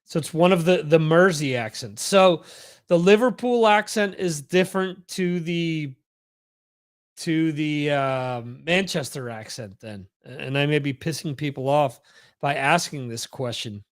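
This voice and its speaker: Speaking a little slowly in a voice on the high side, a man hosts a live-streamed podcast. He rambles casually, repeats words, and reads the chat to his audience.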